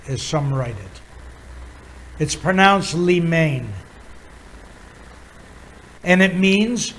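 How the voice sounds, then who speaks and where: A man teaching a Bible lesson as a pastor, pausing often with fillers while he explains words. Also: a little high, poor audio. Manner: halting, many filler pauses, chuckles while teaching.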